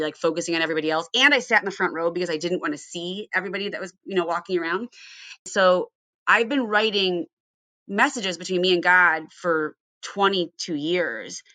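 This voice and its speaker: A woman's voice: lowish voice, sharp tone, dry recording. A woman from Ohio hosting a casual recovery podcast, earnest and storytelling, often asking her guests questions. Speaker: podcast host.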